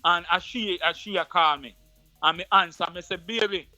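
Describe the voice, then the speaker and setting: A man with a Jamaican accent, an interview guest who tells a personal story in patois in an animated way, often repeating his words. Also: high voice, moderate pace, no echo, muffled recording, faint music behind.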